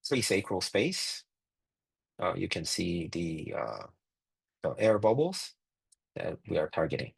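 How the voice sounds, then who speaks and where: A man's voice: low voice, creaky, slightly rough, rough recording. A man, a physician, presenting clinical cases in a lecture, talking plainly and thinking aloud with frequent fillers. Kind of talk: medical case presentation.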